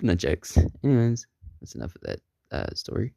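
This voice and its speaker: A man's voice: sits low, huge pitch swings, moderate pace, creaky, warm tone, no room sound, muffled recording. A man casually improvising a silly story for his podcast, rambling with many fillers and chuckling at his own jokes.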